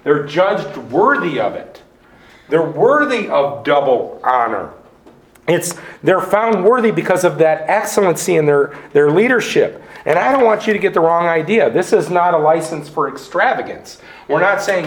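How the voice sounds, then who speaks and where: A middle-aged man preaching with earnest emphasis, circling back over his words as he drives each point home. His voice sits a little high for a man and carries a gravelly edge. The sound rings in an echoey church hall. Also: lively intonation, moderate pace. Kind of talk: sermon. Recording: echoey room.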